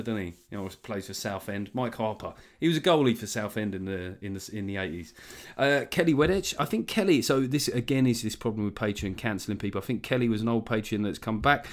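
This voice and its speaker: A man hosting a podcast, talking in a rambling, sweary way with jokey asides. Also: lowish voice. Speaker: podcast host. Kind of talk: casual solo monologue.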